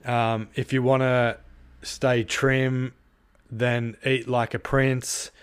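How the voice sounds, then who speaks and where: A man's voice: mid-range voice, little pitch movement, slow, smooth. A man hosting his podcast, talking alone in a heated way, with frequent swearing and many fillers. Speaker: podcast host. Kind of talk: solo podcast monologue.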